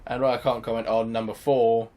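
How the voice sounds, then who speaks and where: A man's voice: medium pitch, flat delivery, quick pace, a little mellow. A young man giving casual gameplay commentary as a gaming host, chatty and thinking aloud, swearing freely. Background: game sounds and music.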